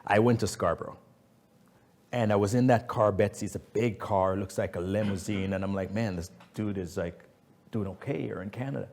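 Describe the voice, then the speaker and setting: A man's voice: on the low side, normal speed, a little mellow. A man, a business founder speaking as guest at a fireside chat, telling stories emphatically and acting out quotes.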